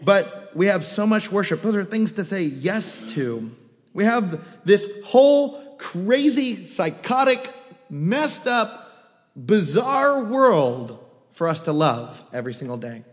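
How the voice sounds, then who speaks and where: A man preaching a sermon as pastor, animated, with joking asides and quoted voices. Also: sits high, unhurried. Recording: long reverb of a hall.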